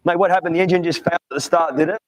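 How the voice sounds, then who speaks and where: A man's voice: on the high side, steady tone, rapid-fire. A man interviewing young drivers on the grid at a night kart race, upbeat and chummy. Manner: upbeat, chummy, calls everyone mate. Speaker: grid announcer.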